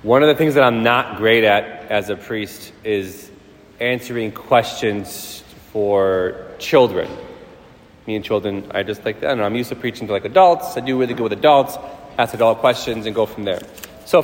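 A man, a priest, giving a casual, storytelling sermon with playful voiced asides. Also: on the low side. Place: church. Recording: church hall reverb.

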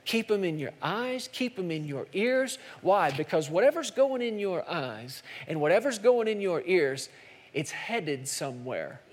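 High-voiced preacher in a reverberant sanctuary. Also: male voice, very animated, a little slow. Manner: preaching with rising intensity and repeated calls. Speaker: pastor. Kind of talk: sermon.

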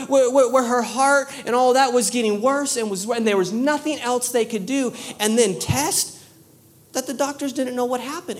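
A woman preaching a sermon, telling a story with lively animation, often repeating words and restarting. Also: on the high side. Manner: animated storytelling, laughing at herself.

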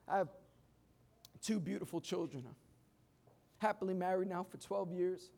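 Brief: pastor in his 30s, very high male voice, emphatic sermon delivery with playful storytelling. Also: moderate pace, gravelly, long pauses, mellow. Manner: emphatic preaching with humorous storytelling. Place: church service before a congregation.

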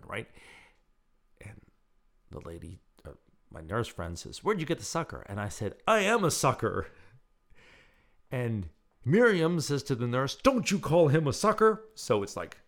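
A man hosting a podcast, casually telling a personal story and acting out the quotes in a raised voice. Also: vocal fry. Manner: animated, acts out quotes in a higher voice; rambling with restarts and fillers. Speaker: podcast host.

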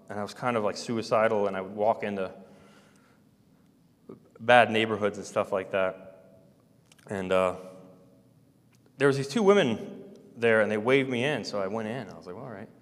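A man telling a personal story in a rambling, halting way, full of restarts and trailing-off phrases. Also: lowish voice, big-room sound.

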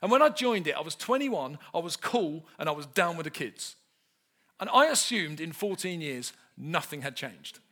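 Animated preacher with a lively voice. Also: male voice, a little high, moderate pace. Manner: animated storyteller, self-mocking humour. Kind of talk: humorous sermon.

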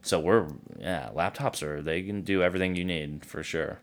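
A man's voice: sits low, moderate pace, slight background noise. A man in his thirties, a podcast guest, telling laid-back stories in casual chat and swearing freely.

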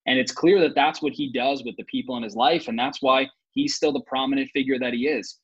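A man's voice: mid-range voice, steady tone, brisk, husky. A man hosting a podcast interview, earnestly addressing viewers and asking the guest questions. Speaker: podcast host. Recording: dull lo-fi sound.

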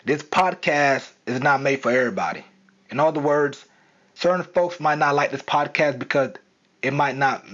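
A young man with a Southern accent hosts an unscripted solo podcast, his medium-pitched voice a bit bright. He talks casually and rambles with lots of fillers, and the recording has a dull, lo-fi sound.

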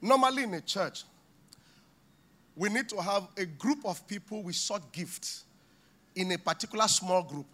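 A man preaching a sermon in a church, animated and acting out little scenes with voices. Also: high voice, moderate pace, pauses often. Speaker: pastor.

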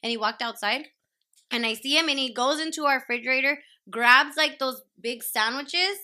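A woman comedian guest telling a profane, animated story in casual podcast chat. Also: sits high, moderate pace.

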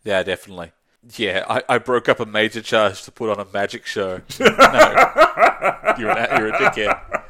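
A man's voice: on the low side, big pitch swings, moderate pace, sharp tone, a little hiss or hum. A man chatting casually about a tabletop game, rambling, swearing freely and laughing often. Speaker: tabletop game podcast co-host. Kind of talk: casual chat.

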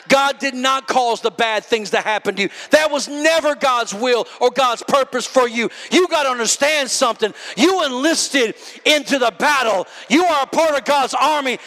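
A man preaching a sermon with passion, often shouting, building to high cries and calling out to the congregation. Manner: calls out to the congregation.

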